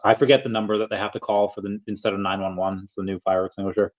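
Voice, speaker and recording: A man's voice: fairly low pitch, flat delivery, very fast, few pauses, highs cut off. A man hosting a casual livestream, reading chat in a rambling, self-amused way from an empty basement on a tablet mic. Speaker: livestream host.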